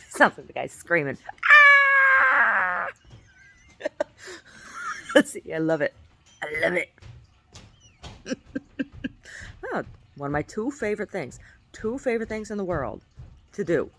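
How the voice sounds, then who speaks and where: A woman with a low voice chatting casually on her vlog. She swoops all over in pitch and rambles effusively, laughing often. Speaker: vlogger. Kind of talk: casual chat.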